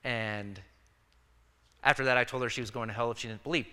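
A pastor giving a casual, conversational sermon, telling personal stories with frequent fillers and self-corrections. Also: male voice, medium pitch, steady tone, fairly quick, pauses often, bright, forceful tone, smooth. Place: church. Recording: church hall reverb.

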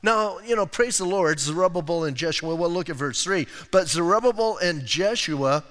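A man's voice: fairly high pitch, moderate pace, fairly bright tone. A man preaching a sermon as pastor, in a conversational style with rhetorical asides, sometimes acting out the people he quotes. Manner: acts out quoted voices. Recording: long hall reverb.

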